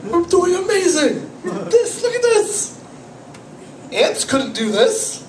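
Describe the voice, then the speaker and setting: Fighting a cold, a man performs rambling stand-up full of self-deprecation, cursing, and worry. He speaks at a measured pace in a very high-pitched voice with big swings in pitch. The clip comes from the audience area of a small cafe comedy night, filmed by a far-off camera in an echoey room with noticeable noise.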